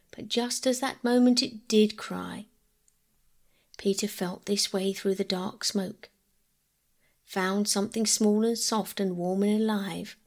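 Gravelly woman reading a bedtime story. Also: mid-range voice. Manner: calm, even storytelling.

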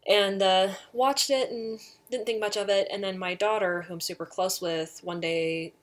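A woman's voice: mid-range voice, normal speed. Chatty middle-aged woman telling a story. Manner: chatty, animated, laughs often. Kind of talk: casual storytelling.

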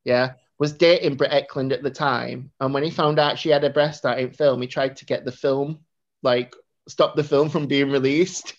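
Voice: medium pitch, steady tone, normal speed. A podcast co-host, chatting casually about a film, rambling with lots of fillers. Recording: dull lo-fi recording.

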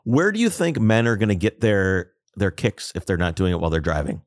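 Animated man ranting on a podcast. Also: deep voice, fairly quick, no echo, clean studio sound. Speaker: podcast co-host. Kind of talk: casual opinionated chat.

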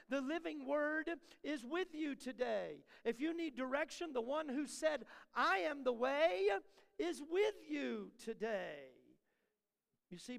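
A man preaching a sermon in a church, building repeated refrains and then dropping to soft, close asides. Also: very high-pitched, gravelly. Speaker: pastor. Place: church sanctuary. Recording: long hall reverb.

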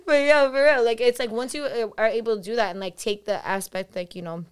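A woman's voice: a little high, fairly even intonation, brisk, smooth. A woman co-hosting a podcast, talking candidly in casual chat, swearing freely and laughing often. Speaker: podcast co-host.

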